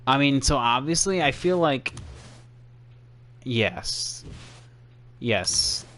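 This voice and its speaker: A man's voice: mid-range voice, animated, very slow, a bit bright. A young man casually commentating his racing game stream for his chat, sarcastic and easily exasperated, rambling with fillers.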